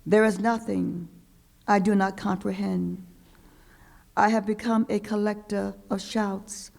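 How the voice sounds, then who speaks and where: A woman voicing a grieving son who asks his father for forgiveness, earnest and measured. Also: medium pitch, flat delivery, gravelly, darkish tone. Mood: pleading.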